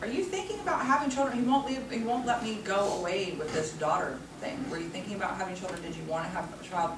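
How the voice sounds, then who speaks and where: A woman working as a psychic medium who gives a group reading to an audience, talking in a warm, chatty way full of "you know.". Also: medium pitch, quick pace, distant mic. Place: room with a small audience. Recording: echoey room recorded from afar, noisy.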